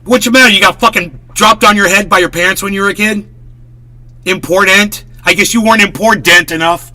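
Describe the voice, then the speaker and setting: Bright-voiced man ranting on a stream. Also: high-pitched, a little fast. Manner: worked-up, swearing, ranting. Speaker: livestream host. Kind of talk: casual profane live-stream rant.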